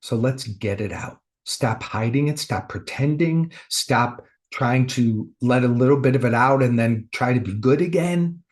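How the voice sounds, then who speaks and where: A man voicing a gentle but firm male inner voice of God, soft and low. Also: expressive, takes it slowly, pauses often.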